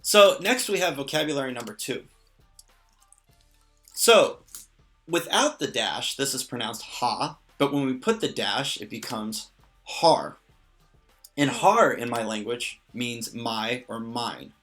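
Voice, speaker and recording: A man's voice: medium pitch, lively intonation, slow pace, fairly bright tone, faint music behind. A man teaching vocabulary in a casual spoken lesson, patient and careful, explaining step by step and adding small jokes. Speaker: language teacher.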